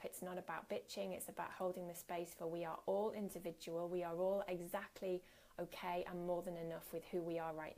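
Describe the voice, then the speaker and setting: A woman coach talks through a workshop in a candid, earnest way, with a gravelly edge to her fairly low voice. She keeps it conversational, pausing on the odd filler. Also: darkish tone. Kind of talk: workshop talk.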